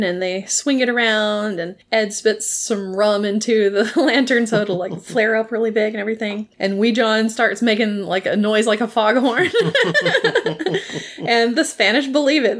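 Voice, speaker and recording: A woman in casual chat, recapping a story with frequent laughter and livelier voices for quoted characters. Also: mid-range voice. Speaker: podcast co-host recapping a TV episode.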